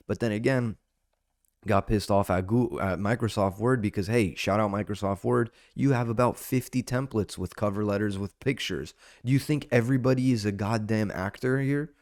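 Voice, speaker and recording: Low-voiced young man rambling on a podcast. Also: darkish tone, no echo, clean studio sound. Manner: rambling and profane, says "dude" constantly. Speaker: podcast host. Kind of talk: solo casual podcast monologue. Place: indoor podcast setup under lights.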